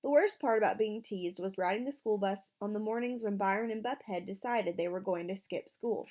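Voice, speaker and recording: A woman reading a children's novel aloud, voicing the characters with changes in pitch and loudness. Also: brisk. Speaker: audiobook reader.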